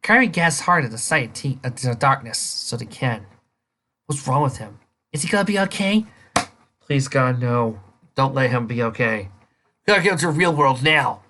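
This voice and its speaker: A woman's voice: extremely low pitch, animated, moderate pace, a bit bright. A woman reading fan fiction aloud and ranting at it with sarcastic, incredulous commentary. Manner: incredulous, sarcastic, breaks into laughter. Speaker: fanfiction reader and reviewer.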